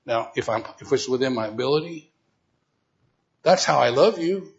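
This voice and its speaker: A man's voice: mid-range voice, animated, moderate pace, long pauses. A man teaching a Bible lesson as a preacher, emphatic and questioning his listeners directly. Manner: emphatic, rising to loud repeated exhortation; asks the audience questions directly. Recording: dull lo-fi recording.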